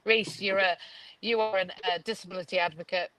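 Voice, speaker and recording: A woman's voice: medium pitch, steady tone, a little fast, fairly bright tone, a little hiss or hum, rough recording. Effusive, rambling Yorkshire woman host. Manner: rambling, effusive, restarts often. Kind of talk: casual live video chat. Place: Dubai. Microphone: video call.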